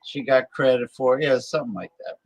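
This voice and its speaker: A show host with a fast, mid-range voice rambles through casual chat on a talk show, sometimes losing his train of thought and making loud, playful calls to listeners. The recording is rough, with no echo.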